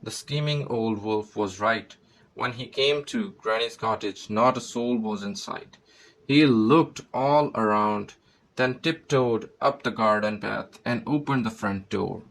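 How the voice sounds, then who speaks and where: A man reading a children's fairy tale aloud in a steady storybook manner. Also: on the low side, measured pace, rough recording. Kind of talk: scripted narration of a fairy tale.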